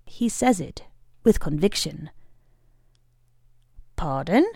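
A woman reading a short story aloud in a measured storytelling voice. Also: mid-range voice, creaky, darkish tone, dry recording, studio quality. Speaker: reader.

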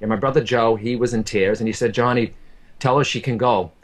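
A man's voice: mid-range voice, steady tone, fairly quick. A man who works as a medium, telling an emotional personal story in an earnest way, often repeating himself and speaking straight to the listener. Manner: earnest, repeats words, addresses the listener directly.

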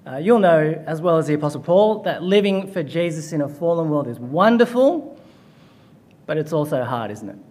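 A man's voice: on the high side, expressive, moderate pace, darkish tone. A man preaching a chapel sermon, telling a story with light humor before working through a passage.

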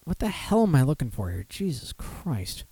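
Male podcast host, a bit high-pitched, dry close-mic sound, animated and ranty. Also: normal speed, slightly rough, dry recording. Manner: animated, mock-outraged outbursts and rambling self-talk. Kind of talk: casual live show chat.

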